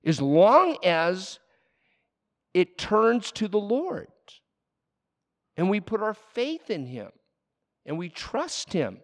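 A man preaching a sermon in a lively, animated way, his pitch rising and falling sharply as he drives home each point. His voice sits a little high with a gravelly edge. The sound carries a long reverb, as in a church hall. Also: slow pace. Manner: animated, shifts between loud emphasis and quiet asides. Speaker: pastor.

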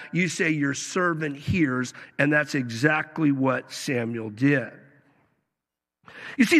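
A man preaching a sermon as a pastor, animated, with joking asides and acted-out quotes. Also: on the high side. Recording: long hall reverb.

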